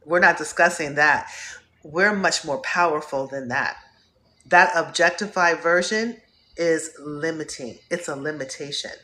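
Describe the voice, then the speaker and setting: A woman from Northeast Ohio hosting a live stream, warmly greeting viewers by name in an effusive, upbeat way. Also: sits low, measured pace. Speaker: host.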